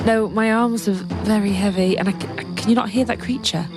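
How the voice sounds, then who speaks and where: A woman chats as a player in a tabletop game, hesitant and full of small fillers, at an ordinary pitch. Faint music runs behind her. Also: fairly even intonation, a little fast. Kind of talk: casual chat.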